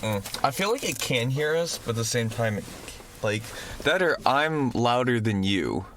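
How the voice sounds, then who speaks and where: A man co-hosting a casual late-night podcast from a parked car, animated and loud, laughing often. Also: medium pitch, moderate pace, a little hiss or hum. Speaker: podcast co-host.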